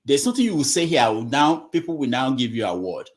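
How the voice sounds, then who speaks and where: A man runs an online call-in forum, lecturing his callers with plain exasperation. His voice swings widely up and down as he moralizes, sitting at an ordinary middle pitch. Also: sing-song, quick pace.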